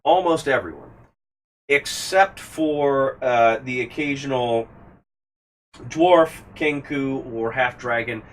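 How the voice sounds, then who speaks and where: A man narrating a tabletop game as game master, describing scenes at length and pausing with fillers. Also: medium pitch. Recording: distant mic, faint background hiss.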